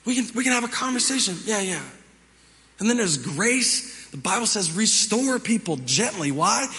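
A man's voice: high-pitched, animated, normal speed, sharp tone. Male pastor, conversational sermon, repeats lines for emphasis; reverberant church hall. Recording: reverberant hall with music behind.

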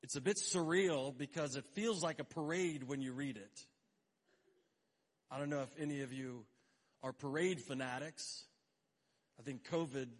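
A middle-aged man preaching a sermon as pastor in a casual, conversational way, with joking asides and brief acted-out quotes. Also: mid-range voice.

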